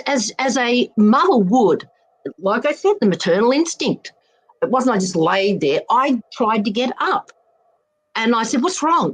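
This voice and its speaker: A woman in her seventies from Australia speaks as an interview guest. Her voice sits at a middle pitch, and she talks emphatically and with feeling, repeating words to drive each point home. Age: 70s. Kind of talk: personal testimony in an interview.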